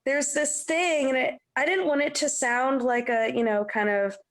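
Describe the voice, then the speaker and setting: A woman musician with a higher-pitched voice chats through a casual interview. She tells her stories in an animated, rambling way and leans on "you know" fillers. She sounds like a young adult speaking freely. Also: moderate pace. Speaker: musician guest. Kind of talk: casual interview chat, storytelling.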